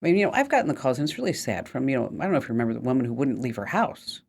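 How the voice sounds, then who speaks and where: A woman hosting a tech podcast, chatting casually and telling animated stories with frequent laughter. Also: very deep voice, very fast, creaky, breathy edge. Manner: animated storyteller, laughs often. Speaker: podcast host. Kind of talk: casual chat.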